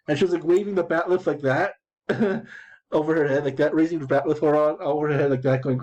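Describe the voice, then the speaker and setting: A man's voice: a little high, fairly even intonation, fairly quick, darkish tone, low-quality recording. A man in his thirties talking casually about his game chat, digressive and full of restarts and repeated words. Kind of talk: rambling casual commentary.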